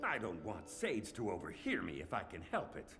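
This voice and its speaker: A gravelly crocodile detective. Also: male voice, lowish voice, wildly swooping pitch, normal speed, over music. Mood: plotting. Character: Vector, gruff adult male crocodile detective. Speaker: cartoon character played on stream.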